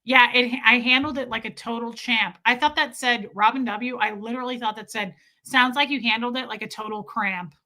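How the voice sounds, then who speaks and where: Woman, young adult, livestreamer, casual storytelling, animated, acts out quotes, bright tone. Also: fairly high pitch, fairly quick, few pauses.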